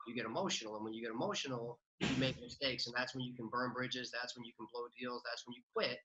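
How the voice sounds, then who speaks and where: A man's voice: mid-range voice, fairly even intonation, bright, forceful tone, dull audio, slight background noise. A man talking casually as a podcast guest, chatty with lots of filler words. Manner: fast, chatty, many "like" fillers. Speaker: podcast guest, real estate investor. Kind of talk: casual interview talk.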